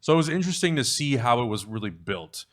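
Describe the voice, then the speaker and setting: Fast-talking man explaining on a panel. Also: mid-range voice, very animated, a bit bright. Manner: rambling, restarts and fillers while explaining. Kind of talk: casual panel chat.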